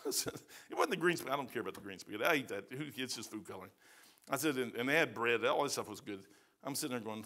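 A man's voice: mid-range voice, lively intonation, rapid-fire, bright, forceful tone. A male pastor with a Midwestern American accent, preaching a verse-by-verse sermon in a folksy, emphatic way with colloquial phrasing. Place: church sanctuary.

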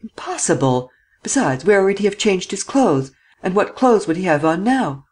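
Fretful fussy magistrate in an audiobook, worried questions, slightly high voice, man reading it. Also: sing-song, normal speed. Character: anxious fussy male examining magistrate.

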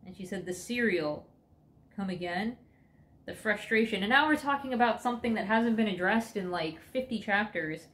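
A woman's voice: medium pitch, expressive, normal speed, fairly bright tone. A woman co-hosting a casual comic reaction chat, telling imagined scenes and voicing the characters in them. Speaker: co-host.

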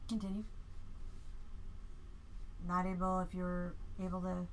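A woman's voice: fairly low pitch, little pitch movement, a little slow, slight background noise. A woman artist chatting casually with viewers on a live stream while she paints at home. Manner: chatty, talks to viewers and her dog.

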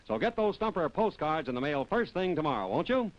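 A man announcing for a 1960s TV show, selling the prizes with a lively, bouncing pitch and a smooth, polished pitchman delivery. The sound is dull and lo-fi, like an old broadcast. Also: fairly quick. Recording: dull vintage TV audio.

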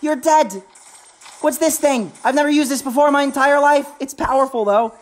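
A woman giving excitable, hyped gameplay commentary as a gaming YouTuber, talking straight to her viewers. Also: high-pitched, moderate pace.

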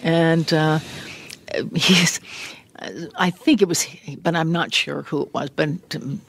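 An older woman guest talking in a large studio room, a lively storyteller who acts out quotes, her voice a little harried. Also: sits low, takes it slowly, gravelly. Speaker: guest actress. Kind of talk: casual storytelling interview.

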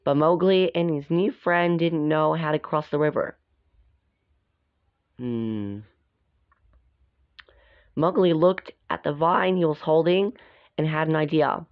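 A deep-voiced woman reads a storybook slowly, pausing often to chat and comment on the pictures in a casual way. There's no room sound in the dull, dry lo-fi recording.

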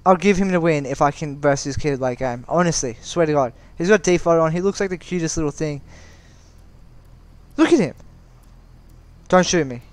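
A young man giving live gameplay commentary as a gaming channel host, excitable and exasperated, pleading in bursts. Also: fairly high pitch, fast, hardly any pauses, clear, resonant tone.

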